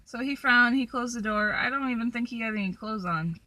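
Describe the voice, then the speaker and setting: A woman's voice: a little high, fairly quick, bright, forceful tone, no room sound. A young woman telling travel stories in a casual vlog, chatty and full of ums and likes. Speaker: solo traveler vlogger. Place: in her van.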